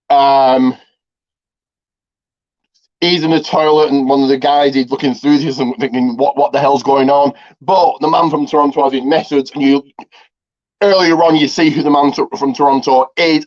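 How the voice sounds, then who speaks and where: A man casually retelling a movie's plot for a review, rambling with lots of ums and restarts. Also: on the high side. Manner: rambling, heavy on fillers and restarts. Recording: slightly dull lo-fi audio.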